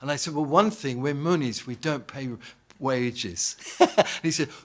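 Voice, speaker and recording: A man's voice: medium pitch, measured pace, fairly bright tone. A man from England giving an informal sermon, telling anecdotes in a chatty way, acting out quoted dialogue and often checking in with his listeners. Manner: anecdotal, conversational, asks the congregation "yeah?". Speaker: preacher.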